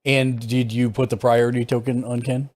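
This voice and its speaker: A man's voice: mid-range voice, normal speed. A man chatting and laughing during a board game stream. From Ozarks, United States. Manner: laughs often, animated. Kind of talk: casual gaming stream chat.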